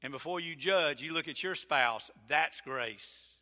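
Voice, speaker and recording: A male pastor preaching a folksy, emphatic sermon, building to loud, drawn-out peaks. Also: on the high side. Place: church sanctuary. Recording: reverberant church sanctuary.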